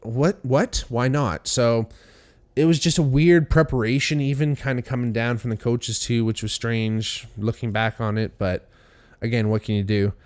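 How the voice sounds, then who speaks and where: A man's voice: medium pitch, normal speed. Profane young man telling a story. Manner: profane, animated storytelling with voiced quotes. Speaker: podcast host. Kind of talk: casual storytelling.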